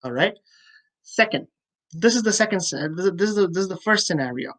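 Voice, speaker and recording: A woman's voice: lowish voice, expressive, fairly quick, a bit bright. Woman tutor who keeps checking "okay?". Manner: ends nearly every point with a checking "okay?"; direct, coaching tone with frequent "you know" fillers. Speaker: English test tutor. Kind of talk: online webinar lecture.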